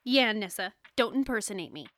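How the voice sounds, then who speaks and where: A woman's voice: medium pitch, animated, a little fast, fairly bright tone, no echo, studio quality, close to an everyday voice. A woman in an audio drama, voicing a flippant, joking young man swapped into a woman's body. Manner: jokey, flippant.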